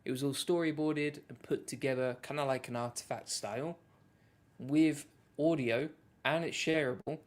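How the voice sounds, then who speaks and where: A man's voice: mid-range voice, steady tone, moderate pace. Rambling man hosting a live tech demo. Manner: loose, rambling, many fillers and restarts. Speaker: host. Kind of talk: casual live tech walkthrough.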